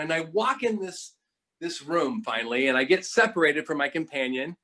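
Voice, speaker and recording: A middle-aged man telling a personal story in a talk, animated and full of restarts, acting out what people said. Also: fairly high pitch, moderate pace. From United States. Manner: animated, lots of restarts and acted-out quotes. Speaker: guest speaker. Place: online talk.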